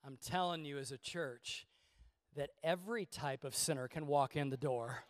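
A man preaching a sermon in a church, moving from quiet, low asides to loud, impassioned pleading. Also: moderate pace, dry recording, clean studio sound. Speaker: pastor.

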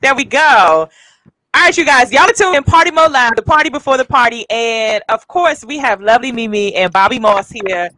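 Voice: mid-range voice, animated, a little fast, sharp tone, no room sound, low-quality recording. A radio show host asking guests questions in an easygoing, chatty way. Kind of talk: live show hosting.

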